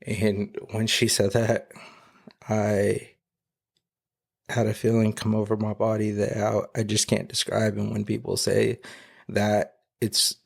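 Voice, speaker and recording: A man shares a personal testimony in a low, flat, gravelly voice with a husky edge. He talks haltingly, full of fillers and restarts, and he is close to tears. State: emotional, near tears. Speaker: podcast guest.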